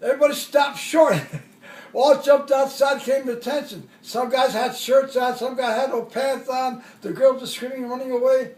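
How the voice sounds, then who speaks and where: An older man tells an old war story, rambling and chuckling as he goes. His voice is very high, and it comes from some way off the mic in an echoey room. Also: steady tone, normal speed, recorded from a distance. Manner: rambling, chuckling, acts out shouted quotes. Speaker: veteran telling a war story. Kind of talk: casual storytelling.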